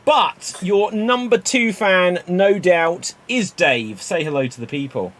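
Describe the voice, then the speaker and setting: A man's voice: high voice, lively intonation, takes it slowly, fairly bright tone. A man hosting a live-streamed improv comedy show, playful and jokey, talking into a webcam mic on a video call. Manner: upbeat, playful, jokey banter.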